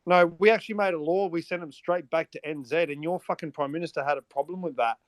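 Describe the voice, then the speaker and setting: A man's voice: on the high side, fast talker, no echo. An Australian man co-hosting casual podcast banter, swearing constantly as he rants. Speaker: co-host.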